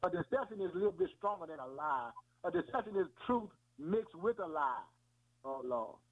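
A man's voice: high-pitched, lively intonation, normal speed. A man preaching an informal sermon in a folksy way, often calling his listeners "man" and "boy" and repeating himself. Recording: tinny phone-like radio audio.

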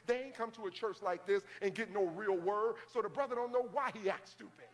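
A male pastor preaching to his congregation in a church. He talks conversationally, acts out quoted church members in quick asides, and builds to fervent shouting. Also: high-pitched. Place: church sanctuary. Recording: long hall reverb, faint ambience.

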